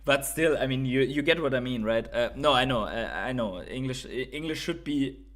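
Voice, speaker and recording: Male livestream host, German accent, mid-pitched, chatty and unpolished, swears, ends lines with "right?". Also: normal speed, fairly bright tone. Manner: thinks aloud, swears, keeps adding "right?". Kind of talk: casual livestream chat.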